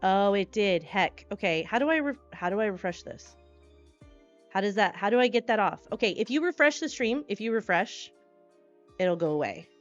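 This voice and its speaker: A woman streamer chatting casually with her live chat. She is bubbly and scattered, and she greets people with excited squeals. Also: mid-range voice, moderate pace. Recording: dull lo-fi stream audio with faint music.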